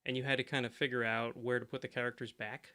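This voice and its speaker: A man's voice: medium pitch, flat delivery, quick pace, bright, forceful tone, clean tone. A man co-hosting a podcast in casual chat, telling stories and laughing often. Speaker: podcast co-host.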